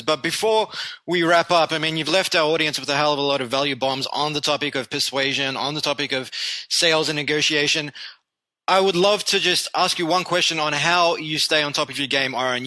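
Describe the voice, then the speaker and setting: A man's voice: a little high, bright, forceful tone, no echo, poor audio. A man hosting a podcast interview, upbeat and enthusiastic in his questions. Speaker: podcast host.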